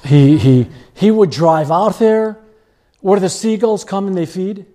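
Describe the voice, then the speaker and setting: A man preaching a sermon with animated storytelling, chuckling often as he talks. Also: high-pitched, measured pace.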